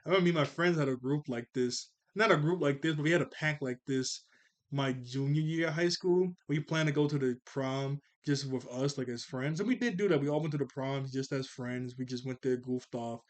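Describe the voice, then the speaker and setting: A man in his twenties with a medium-pitched voice briskly reviews a cartoon episode in a casual way. He's laid-back and rambling, often correcting himself.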